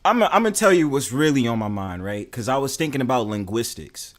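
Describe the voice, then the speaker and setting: Brief: male streamer, mid pitch, casual, blunt and profane, slangy, keeps restarting. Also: expressive, fairly quick, a bit bright. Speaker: streamer host. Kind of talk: casual livestream chat.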